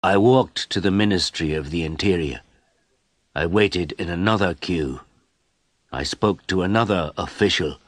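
A man reading a simple story aloud in plain, clear first-person narration for English learners. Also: sits low, moderate pace, no room sound.

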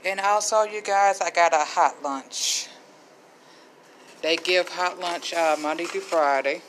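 A woman's voice: lowish voice, slow, slight background noise, poor audio. A middle-aged woman vlogger chatting casually to camera as she shows her food haul, with faith-filled asides.

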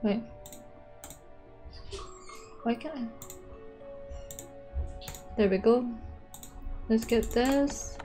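A woman's voice: a little high, drawn-out words, long pauses, mellow, faint music behind. A young woman from Boston giving sarcastic let's-play commentary over a game. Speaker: gaming streamer.

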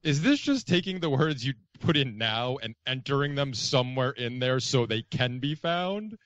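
A man's voice: mid-range voice, sing-song, moderate pace, fairly bright tone, dry recording, lo-fi sound. A man talking as a guest in a casual podcast chat, rambling and self-deprecating with jokes.

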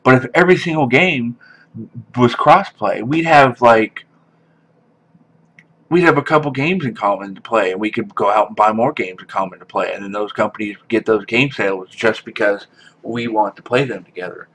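A man commentating his own gameplay casually, ranting and swearing at his teammates, his voice jumping up into yells. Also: on the low side, moderate pace. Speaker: gameplay streamer.

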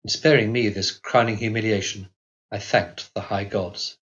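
A low-voiced man narrating a literary novel in the first person, measured and reflective. The sound is dull and a little lo-fi. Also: fairly even intonation, fairly bright tone. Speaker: audiobook narrator. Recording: dull lo-fi recording.

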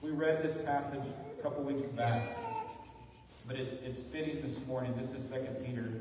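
A man's voice: medium pitch, fairly even intonation, moderate pace. Male pastor, sermon, earnest and pleading, distant mic, long hall echo, faint hiss. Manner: earnest, pleading, rising to emphatic calls. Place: church sanctuary.

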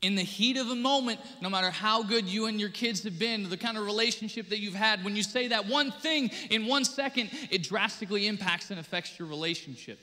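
A man preaching a sermon as pastor, animated and acting out the people he quotes. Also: high voice, fairly quick, few pauses. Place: church sanctuary. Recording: church hall with long reverb.

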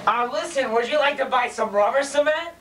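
A man's voice: extremely high pitch, fairly quick. A teenage boy acting as a goofy, pushy salesman who keeps trying to sell something. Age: teens. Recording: noisy lo-fi home video.

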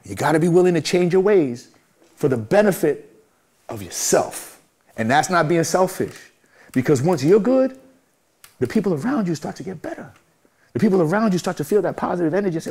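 Emphatic New man, higher voice. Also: expressive, fairly quick, darkish tone, husky. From Brooklyn, New York. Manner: emphatic, repetitive, motivational. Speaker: guest, music manager. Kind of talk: candid interview talk.

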